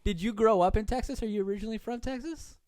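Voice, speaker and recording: A man's voice: high-pitched, fast talker, darkish tone, no echo, studio quality. A man hosting a podcast, asking questions in casual, crude, laughing banter. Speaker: podcast host. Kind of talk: casual chat.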